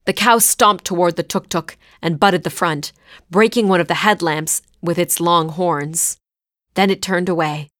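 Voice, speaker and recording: A woman narrating a scripted story in a clear, measured way. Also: on the low side, fairly bright tone, no echo, clean studio sound.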